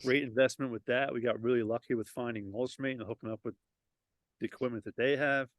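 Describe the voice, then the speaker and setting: A man's voice: medium pitch, fairly even intonation, fast talker, no room sound. Casual man, dry outdoor sound. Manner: loose, rambling, frequent restarts. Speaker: lawn renovation business owner. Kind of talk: casual interview. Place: outdoors at home property.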